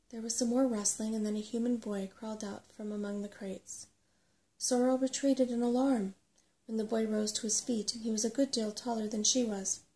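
A woman reads a storybook aloud in a soft-spoken ASMR manner. Her delivery is gentle and unhurried. A light gravelly texture runs through her voice. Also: on the high side.

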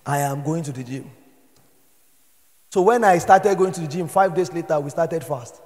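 A Nigerian man preaching a sermon as pastor, moving between quiet storytelling and shouted exhortation. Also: fairly high pitch, moderate pace, big-room sound.

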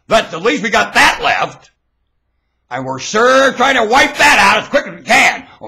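A man giving a rambling webcam monologue, swinging between low mutters and sudden shouts, recorded on a webcam mic at home. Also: slightly rough.

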